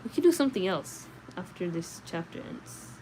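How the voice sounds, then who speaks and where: A woman's voice: on the low side, very animated, moderate pace, background noise. Sleepy woman reading aloud late at night. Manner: sleepy, chatty, answers chat comments. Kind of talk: late-night read-aloud and casual chat.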